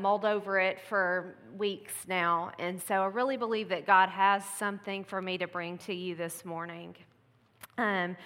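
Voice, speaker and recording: The pastor's wife speaks in a mid-range voice with a sharp tone, giving an informal, chatty Mother's Day message full of laughing asides. It echoes with the long reverb of a church sanctuary.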